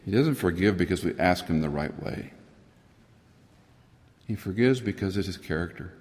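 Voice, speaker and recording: A lower-voiced, middle-aged man delivers an earnest sermon, climbing sharply in pitch to stress a point and sinking at times to a hushed whisper. His voice carries a long reverb from a large hall or church. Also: lively intonation, moderate pace, a little hiss or hum. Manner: earnest, rises in pitch for emphasis, drops to a near whisper at times. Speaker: preacher.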